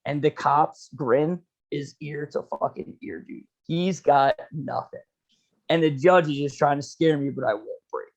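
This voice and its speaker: A man's voice: a little high, measured pace. A young man and podcast host telling a long story in a laid-back, profane way, full of "dude" and "you know". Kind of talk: casual storytelling chat.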